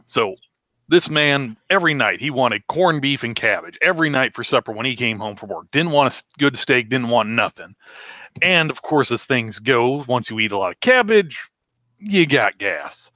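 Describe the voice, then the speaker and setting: A man chatting casually on a live viewer show, telling a rambling deadpan joke story. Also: medium pitch, moderate pace, no echo, studio quality. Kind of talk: casual joking chat.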